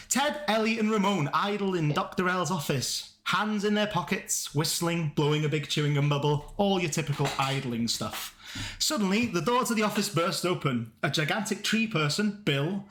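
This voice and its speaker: A man's voice: high voice, a bit bright, slight background noise. A man, host of a live script read, reading the stage directions and laughing often. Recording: echoey room.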